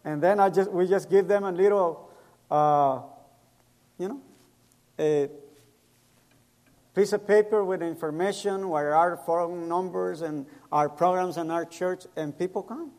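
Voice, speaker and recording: High-voiced pastor preaching in an echoey hall. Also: male voice, steady tone, unhurried, pauses often, a little mellow. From El Salvador. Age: middle-aged. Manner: storytelling, acts out quoted voices, non-native grammar. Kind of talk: sermon with personal stories.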